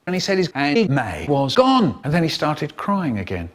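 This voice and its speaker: Theatrical older male storyteller, lively pitch. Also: moderate pace, few pauses. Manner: theatrical storyteller, swings between hushed asides and sudden bursts. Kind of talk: comic storytelling narration.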